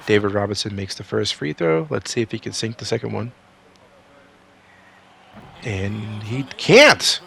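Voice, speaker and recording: Excitable man calling a basketball sim. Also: lowish voice, measured pace, gravelly, long pauses, a little hiss or hum. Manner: swings from calm asides to excited shouting. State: sick. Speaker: video game sim commentator. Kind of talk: play-by-play commentary.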